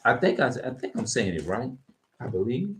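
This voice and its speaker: A man preaching straight to camera in a loose, informal way, mixing scripture readings with blunt cursing. His pitch swings widely as he hammers his points home, and he often restarts and repeats phrases for emphasis. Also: very animated, moderate pace, a bit bright, slight background noise. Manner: emphatic, profane, repeats himself. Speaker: street preacher.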